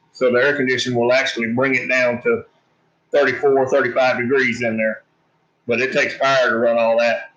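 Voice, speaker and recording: A man's voice: mid-range voice, a bit bright, dull audio. A middle-aged man with a Louisiana Southern accent, explaining things plainly at length in casual livestream talk. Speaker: homestead channel co-host.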